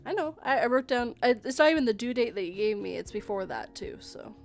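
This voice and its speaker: Woman host, casual chat, rambly, slightly high voice. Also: expressive, quick pace, creaky, faint music behind. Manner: rambling, self-interrupting. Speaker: podcast host.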